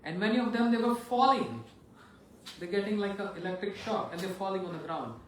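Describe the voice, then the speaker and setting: Male preacher, high voice, animated storyteller, echoing hall from afar, faint noise. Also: fairly quick, recorded from a distance. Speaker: monk preacher. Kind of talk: sermon storytelling.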